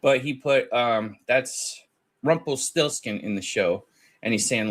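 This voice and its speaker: A man telling a story in a casual podcast chat, with a voice in a middle pitch. He retells a conversation with energy and plays both people in it. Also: slow, long pauses. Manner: animated storytelling, acting out both sides of a conversation. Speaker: guest recounting a call.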